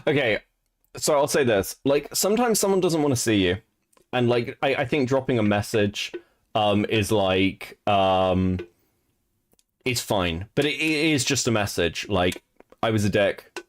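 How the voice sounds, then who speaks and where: A man hosts a stream, reacting to a clip with crude, sarcastic commentary and frequent laughter. His voice is medium-pitched and animated, with a slightly slow delivery.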